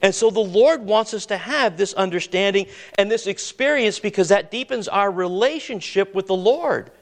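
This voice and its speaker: A man preaching a sermon, asking his congregation questions and waiting for their answers, slowing down on key words and dropping low and quiet to stress a point. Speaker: pastor.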